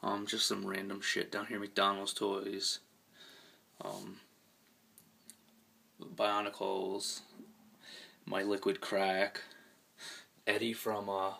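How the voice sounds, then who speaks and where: Gravelly-voiced man, scratchy and slow. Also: fairly low pitch, sharp tone. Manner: laid-back, rambling, with many ums and casual swearing. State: scratchy, hoarse voice. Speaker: collector giving a room tour. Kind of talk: casual collection walkthrough. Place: his room at home.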